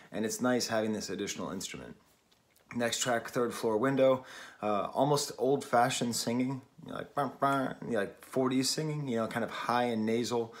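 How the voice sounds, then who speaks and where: A man from New England giving a casual, wry album review at home, often laughing at himself. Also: medium pitch. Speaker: record reviewer. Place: at home, early morning. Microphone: camera mic.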